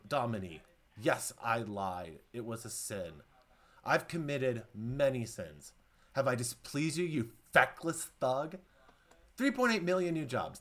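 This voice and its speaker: Brief: grieving president railing at God, recited by a man on a podcast; low, accusing, bitter. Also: fairly bright tone.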